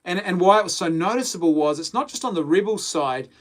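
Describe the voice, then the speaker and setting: Hosting a casual live podcast, a man reads viewer comments out loud, rambles, and laughs a lot. He talks fast in a high, animated voice.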